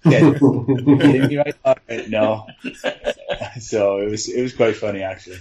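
A male team trainer meanders through anecdotes in a casual podcast panel conversation, often laughing and saying "you know". He speaks slowly in a warm, mid-range voice.

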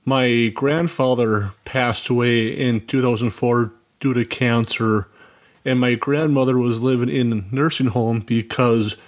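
A man from Minnesota calling in to a radio show, telling a story in an earnest, rambling way with many asides. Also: mid-range voice. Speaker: caller. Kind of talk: phone-in storytelling.

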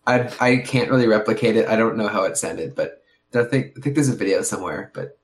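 A man on a podcast, casually telling a rambling, relaxed story. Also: lowish voice, a little fast. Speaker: podcast co-host. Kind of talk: casual chat.

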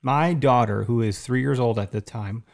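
A man in his thirties from Wisconsin, co-hosting a podcast and telling an excited story in casual chat, with lots of restarts. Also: mid-range voice, moderate pace, gravelly. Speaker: podcast co-host.

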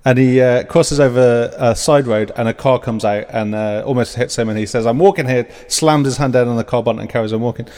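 Man, podcast regular, mid pitch, hesitant, full of fillers, long reverb. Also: steady tone, brisk, hardly any pauses, darkish tone. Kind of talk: casual chat.

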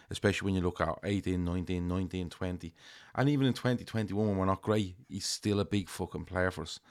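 A man co-hosting a casual football fan chat, making emphatic points and swearing as he goes. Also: low-pitched.

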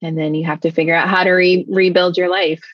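A woman's voice: fairly low pitch, flat delivery, fast talker, no room sound, highs cut off. A woman from the United States, a guest on an interview show, retelling a frightening personal story in vivid, breathless detail, full of "like" fillers.

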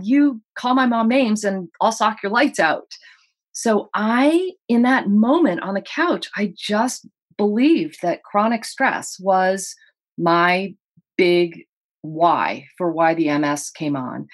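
Woman telling her story, low-pitched. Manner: earnest, vivid personal storytelling. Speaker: guest, author. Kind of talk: interview storytelling.

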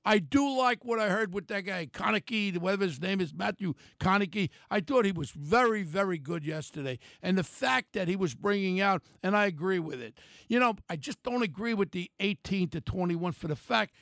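Older New talk host, gravelly, high-pitched, blunt and ranting; dry close mic. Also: male voice, normal speed, dry recording. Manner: blunt, angry, shouting at times. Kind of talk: opinionated talk radio rant.

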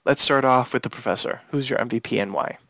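A man with a gravelly, fry-laden voice hosts a casual podcast chat, rambling through restarts and fillers. The sound is dry and close, with no room around it. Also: mid-range voice, fast talker, a bit bright, dry recording. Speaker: podcast host.

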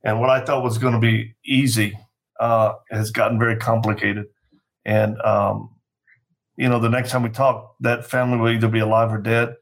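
A man speaking as a podcast guest, measured and earnest, often restarting his sentences. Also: fairly low pitch, little pitch movement.

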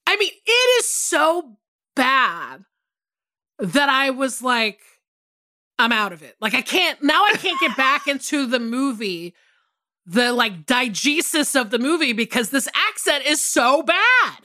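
A woman's voice: high voice, sing-song, measured pace, pushed and bright, dry recording, studio quality. A woman co-hosting a podcast in casual chat, laughing often and reading out a listener email. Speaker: podcast co-host.

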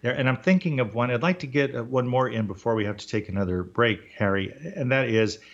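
A man's voice: medium pitch, brisk. A male radio host leads an interview in polished, rather formal wording and heaps praise on his guest. His voice is somewhat dull and muffled, like a lo-fi broadcast.

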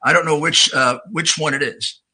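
A man's voice: a little high, steady tone, normal speed, pushed and bright, slightly rough, low-quality recording. A man who was once a prosecutor and a mayor, answering in an earnest, emphatic way. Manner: earnest and emphatic, with some restarts. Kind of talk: interview answer.

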